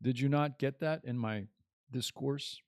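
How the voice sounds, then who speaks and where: A man's voice: mid-range voice, measured pace, a little mellow, no room sound, clean studio sound. A man hosting a podcast as a casual live stream, rambling and joking as he chats. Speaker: podcast host.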